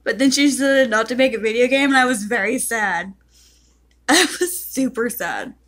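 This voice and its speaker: This woman, a gaming YouTuber, gives casual commentary while she plays, giggling and laughing helplessly as she addresses the characters and her cat. Her voice is fairly high, expressive and fairly bright, at a moderate pace.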